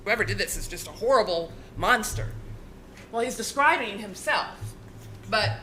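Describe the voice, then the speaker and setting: A woman's voice: medium pitch, expressive, normal speed, sharp tone, roomy sound, a little hiss or hum. A woman prosecutor giving a closing argument to a jury, persuasive and emphatic. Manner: persuasive, emphatic, quoting the defendant. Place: courtroom.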